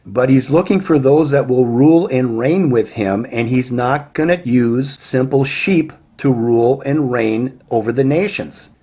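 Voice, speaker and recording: A man's voice: medium pitch, a little slow, hardly any pauses, dark tone, husky. A man preaching a warning sermon, emphatic and firing rhetorical questions at his listeners.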